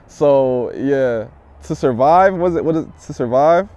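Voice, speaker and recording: A young man from the DMV area, a rap artist, answering interview questions in a loose, profane, animated way. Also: medium pitch, measured pace, highs cut off.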